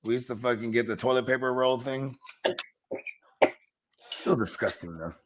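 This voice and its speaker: A man's voice: mid-range voice, normal speed, noisy background. A man co-hosting a live stream, talking in hyped, profane street slang. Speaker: co-host. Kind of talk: casual live-stream chat.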